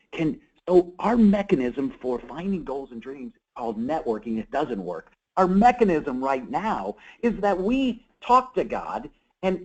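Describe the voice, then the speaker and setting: A high-pitched man talks with lively energy, acting out each quoted line in his story. He is a guest author on a call. The sound is dull and lo-fi, as a call tends to be. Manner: energetic, acts out quoted dialogue. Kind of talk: animated storytelling interview. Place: call or webinar.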